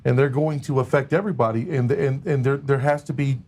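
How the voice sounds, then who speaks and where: A man speaking as a guest in a casual interview, halting with many fillers. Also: medium pitch, steady tone, darkish tone, a little hiss or hum. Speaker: guest, recovery organization leader.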